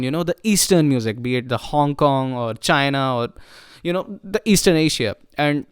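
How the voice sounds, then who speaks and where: Smooth-voiced man chatting about music. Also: on the high side, no room sound, studio quality. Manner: enthusiastic, loose, frequent "you know" and "like" fillers. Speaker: music reviewer. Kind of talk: casual spoken album review.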